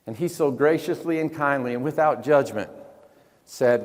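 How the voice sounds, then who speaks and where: A man's voice: medium pitch, moderate pace. Man preaching in an echoing hall. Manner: emphatic, questions the audience, drops to hushed tones. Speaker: motivational speaker. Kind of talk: live motivational sermon. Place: large event hall. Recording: long hall reverb.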